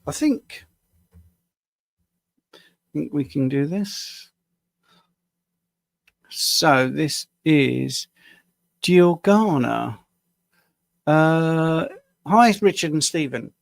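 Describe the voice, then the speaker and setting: A man's voice: on the high side, expressive, very slow, gravelly, pauses often, dry recording, clean studio sound. A man from the UK, a health coach, answering viewer questions on a live stream in a casual, rambling way with small self-deprecating laughs, tired after a long day at the screen. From United Kingdom.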